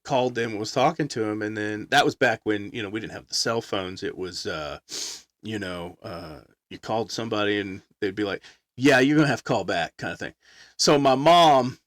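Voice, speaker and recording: Middle-aged man, casual storyteller, lively quoting, dry close sound. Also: lowish voice, no echo. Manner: animated, acts out quotes, laughs often. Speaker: guest musician.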